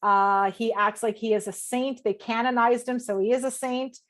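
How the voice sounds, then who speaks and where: A woman's voice: on the high side, steady tone, normal speed. A woman, a podcast guest on a video call, telling a personal story with strong emotion and free swearing, often quoting her own thoughts. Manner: emotional, swears freely, quotes herself in her head.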